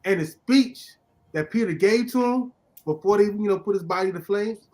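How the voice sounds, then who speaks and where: An excitable man hosts a casual comic book talk, speaking in a voice pitched a little high. He laughs often and launches into loud, emphatic rants when something gets to him. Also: normal speed. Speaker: podcast host.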